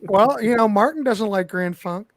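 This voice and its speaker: A man's voice: sits high, moderate pace, no room sound, studio quality. A man hosting a casual panel chat, teasing the guests and laughing easily. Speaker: host.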